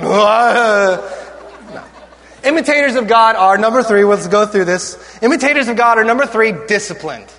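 A man's voice: extremely high pitch, bright, forceful tone. A man preaching a sermon to a live congregation, playful and teasing in his asides. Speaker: pastor. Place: large church hall with live audience. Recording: long reverb of a large hall.

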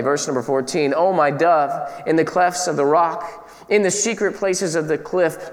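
A man preaching a sermon as pastor, animated and conversational with playful asides. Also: fairly high pitch, moderate pace, long reverb tail.

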